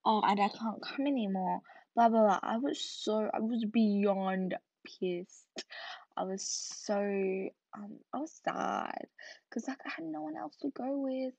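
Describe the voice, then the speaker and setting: A woman's voice: medium pitch, takes it slowly, gravelly, a little mellow, no echo. A tired young woman hosting her own podcast, telling a story in a rambling casual way full of fillers, sometimes dropping to a whisper. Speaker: podcast host. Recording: muffled lo-fi recording.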